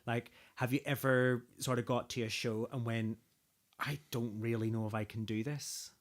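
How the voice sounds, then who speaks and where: A man's voice: medium pitch, fairly even intonation, moderate pace. A man co-hosting a podcast, talking in a reflective, hesitant way and often repeating words as he asks questions. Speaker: podcast co-host. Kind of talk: casual podcast chat.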